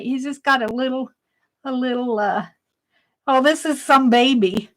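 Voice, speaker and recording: A woman hosting a casual craft livestream, chatting and laughing at her own drawing as she works, sometimes dropping to a soft murmur. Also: sits high, unhurried, long pauses, poor audio.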